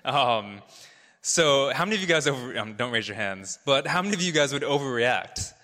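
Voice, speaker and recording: A man preaches in a relaxed, chatty way, full of small fillers and asides. His voice is bright and forceful, and long reverb trails from the hall around him. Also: mid-range voice, moderate pace. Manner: conversational, laughing, many fillers. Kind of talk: sermon.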